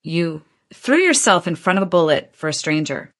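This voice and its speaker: A woman voicing a dignified old mother. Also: on the low side. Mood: calm. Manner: calm, measured, firm.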